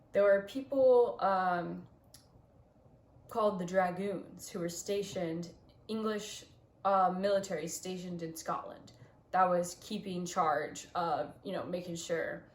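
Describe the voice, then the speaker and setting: A woman's voice: on the low side, a little mellow. A young woman hosting a casual, tipsy home-made history retelling, rambling and often losing her place with lots of fillers. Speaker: host. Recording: echoey room.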